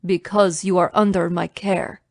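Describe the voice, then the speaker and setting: A woman's voice: fairly low pitch, little pitch movement, measured pace, no room sound, clean studio sound. A woman reading an audiobook voices a confident, protective Russian man who owns a nightclub, speaking in a firm, clipped way with a Russian accent. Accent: Russian, as put on.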